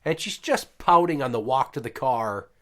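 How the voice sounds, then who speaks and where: Profane storytelling man, animated. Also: mid-range voice, moderate pace. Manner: profane, animated, acts out quotes. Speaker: podcast host. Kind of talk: casual storytelling.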